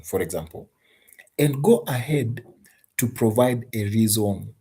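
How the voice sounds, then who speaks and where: A man teaches an exam tutorial in a low, mellow voice with a husky edge. He speaks emphatically, repeats key points and poses rhetorical questions to his students. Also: a little slow. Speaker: English teacher.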